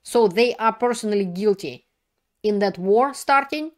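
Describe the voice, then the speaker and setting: A woman's voice: medium pitch, unhurried. A woman giving an indignant, emphatic video commentary in non-native English with broken grammar. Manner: indignant, emphatic, plain-spoken. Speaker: political commentator.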